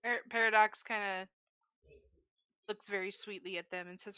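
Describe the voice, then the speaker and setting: A woman's voice: mid-range voice, steady tone, normal speed, long pauses, pushed and bright, smooth, no room sound. A woman playing a tabletop role-play, describing her character and stammering on the name. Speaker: player.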